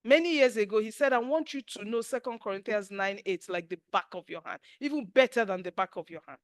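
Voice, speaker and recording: A middle-aged Nigerian woman with a Nigerian accent, leading a spiritual teaching class, telling stories with acted quotes in an animated, emphatic way. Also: mid-range voice, a little fast, no echo, clean studio sound.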